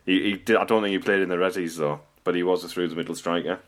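A man's voice: low-pitched, steady tone, fast talker. A man in casual football chat, rambling and laughing often, trailing off mid-sentence.

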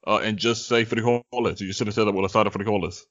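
A man co-hosting a podcast, talking in a laid-back, halting way with many restarts. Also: fairly low pitch, steady tone, fairly bright tone, highs cut off. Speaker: podcast co-host. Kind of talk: casual podcast chat.

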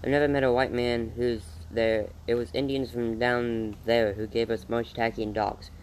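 A man's voice: medium pitch, little pitch movement, moderate pace, slight background noise, close to an everyday voice, poor audio. Man reading as Tobias, a kind frontier father. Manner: plain-spoken and welcoming.

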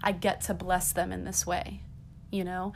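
A woman's voice: lowish voice, little pitch movement, unhurried, gravelly, a little hiss or hum. A woman in her thirties hosting a casual podcast, talking chattily with lots of ums and restarts. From half Irish. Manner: chatty, rambling, frequent ums. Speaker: podcast host. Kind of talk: casual chat.

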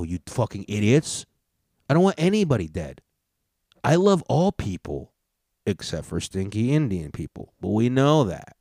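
A man with a lowish, mellow voice rants through a casual comedy podcast, cursing freely and rambling from one thought to the next. He is recorded close and dry. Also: sing-song, moderate pace, no echo. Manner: profane, rambling, with frequent restarts. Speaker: podcast host.

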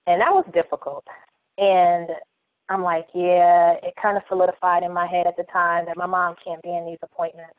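A woman's voice: lowish voice, fairly even intonation, normal speed. A woman around forty, a guest telling her personal story in an earnest, reflective way, often repeating phrases as she thinks aloud. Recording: tinny phone-like line, dry.

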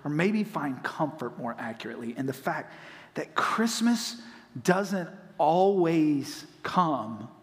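Male pastor, high voice, animated sermon, long hall reverb. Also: slow pace. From North Carolina. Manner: animated storytelling, acts out voices in dialogue. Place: church auditorium.

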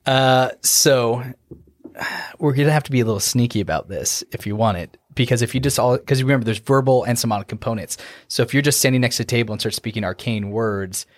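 A man in the role of game master, narrating a tabletop game in a relaxed, rambling way. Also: medium pitch, a little fast, dry recording.

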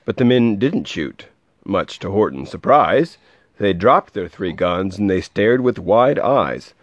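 A man reading a rhyming picture book aloud to a child, with a lively, sing-song delivery and soft asides. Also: fairly low pitch, takes it slowly, no echo, lo-fi sound.

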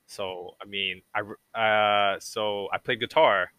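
A man's voice: on the low side, steady tone, slow, pushed and bright, clean tone, no room sound. A young man talking as a podcast guest, rambling and reflective and saying "like" a lot. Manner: rambling and reflective, heavy use of "like". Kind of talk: casual conversation.

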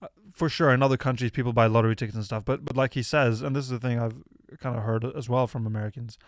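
A man in casual podcast banter who jokes his way through listener comments and wanders off on tangents. His voice sits at an ordinary middle pitch. The sound is dry and close, with no room echo. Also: steady tone, fast talker. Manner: joking, digressive, reads out listener comments. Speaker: podcast co-host.

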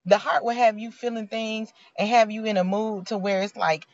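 A woman's voice: fairly high pitch, little pitch movement, normal speed, hardly any pauses, a little mellow, a little hiss or hum. A woman, giving a heartfelt, preachy motivational faith talk in a conversational way. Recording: dull lo-fi sound.

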